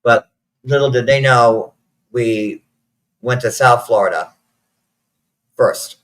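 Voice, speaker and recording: A man's voice: medium pitch, takes it slowly, fairly bright tone, rough recording. A man, telling a personal story in a rambling, casual way, swearing freely and close to tears at times.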